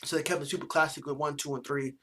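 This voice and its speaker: A man's voice: a little high, steady tone, quick pace, a bit bright. A young man giving casual, profane commentary as a vlogger, blunt and mocking with plenty of slang. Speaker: vlogger reviewing sports jerseys.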